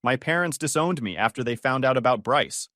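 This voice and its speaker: A man's voice: medium pitch, animated, fairly quick, bright, forceful tone, no echo, clean studio sound. A man reading the lines of a desperate young woman pleading with her ex-fiancé, in a slightly raised voice. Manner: pleading, tearful.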